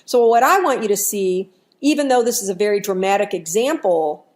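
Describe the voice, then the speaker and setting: A woman telling a story as part of a lesson, in an expressive storytelling manner. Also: medium pitch, a little fast. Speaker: workplace culture speaker.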